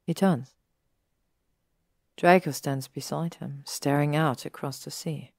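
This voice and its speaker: A woman narrating an audiobook story in a measured, even way. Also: sits low, gravelly, dry recording, clean studio sound. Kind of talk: audiobook reading of fan fiction.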